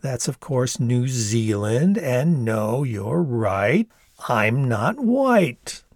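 A man's voice: medium pitch, big pitch swings, very slow, a little mellow, dry recording, clean studio sound, full character voice. A man voicing a flamboyant young man in a storybook reading, with a theatrical, sing-songy game-show delivery. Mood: playful. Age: young adult.

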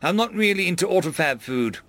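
A man's voice: sits high, expressive, fairly quick, a bit bright, dry recording, soft background music, voice pushed up. A man voicing a wary, blunt alien woman living alone on a station.

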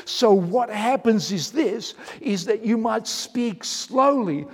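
A middle-aged man preaching a sermon, telling a story earnestly, with restarts and shifts between loud and quiet. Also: high voice, lively intonation, takes it slowly, slightly rough, in a large hall. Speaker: pastor.

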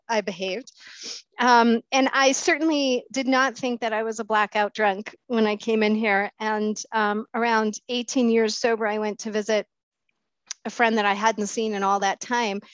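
A middle-aged woman giving a candid, self-mocking recovery talk, pausing often with fillers and restarts. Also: a little high, no echo. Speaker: speaker sharing at a recovery meeting. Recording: dull, dry lo-fi sound.

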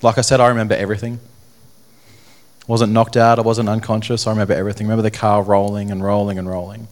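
A young man telling his personal story to an audience, in an earnest, halting way that repeats phrases. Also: on the low side, level tone. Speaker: speaker telling his testimony. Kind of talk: personal testimony talk to an audience.

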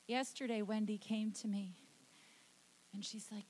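A woman's voice: mid-range voice, a little slow, mellow, slightly rough. A woman preacher delivering a fervent sermon, with emphatic, repetitive phrasing.

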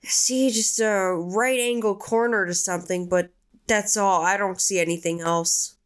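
A woman reading a session transcript aloud, describing things in a halting, searching way with many fillers. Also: mid-range voice, fairly even intonation, smooth.

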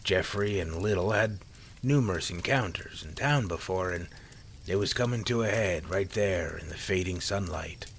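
A man narrating a story in a calm, measured reading voice. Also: sits low, vocal fry, slight background noise.

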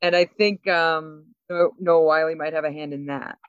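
A woman co-hosting a podcast, telling a story with lots of laughs and quick asides. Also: low-pitched, fairly even intonation, clean tone, no room sound, dull audio. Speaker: podcast co-host. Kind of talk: casual chat.

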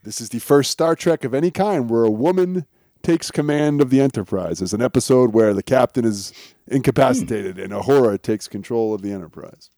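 A man co-hosting a casual podcast, relaxed as he shares trivia with small chuckles. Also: mid-range voice, brisk, no room sound, clean studio sound. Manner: relaxed storytelling of show trivia, chuckles often. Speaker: podcast co-host.

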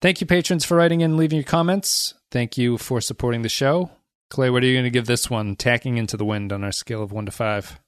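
A man's voice: mid-range voice, fast, smooth, no room sound, clean studio sound. A man co-hosting a podcast, chatting casually about an episode and reading out listener comments. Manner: reads listener comments, thanks patrons. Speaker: podcast co-host.

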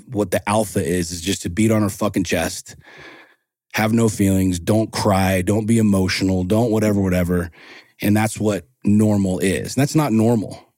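A man's voice: on the low side, darkish tone, no echo, clean studio sound. Blunt, profane man in his forties. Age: 40s. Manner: blunt, profane, impassioned storytelling. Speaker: podcast guest, men's coach. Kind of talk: casual interview talk.

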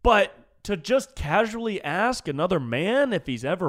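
A man hosting a solo podcast, telling a story in a casual, animated, jokey way. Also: high-pitched, normal speed, few pauses. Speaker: podcast host.

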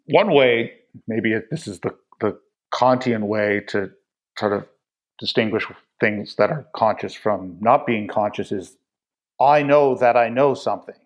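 A man's voice: lowish voice, measured pace. A man on a philosophy panel, explaining an idea step by step with rhetorical questions. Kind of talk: casual academic discussion.

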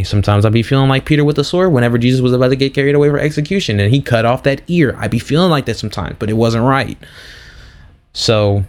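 A young man hosting a faith podcast, telling stories in a casual, slangy, animated way. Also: mid-range voice. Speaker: podcast host. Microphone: podcast mic.

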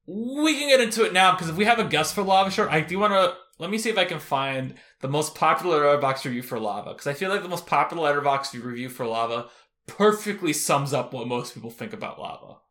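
Lively, bright-voiced man chatting. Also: on the high side, fast talker. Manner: animated, laughs often, rambling asides. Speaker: podcast co-host. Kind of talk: casual film chat.

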